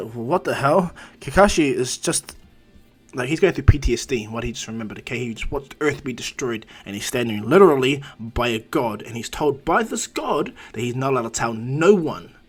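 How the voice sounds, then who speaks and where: A man casually retelling a fan-made story in a rambling, animated way, full of fillers. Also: mid-range voice, slightly rough. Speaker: storyteller, channel host.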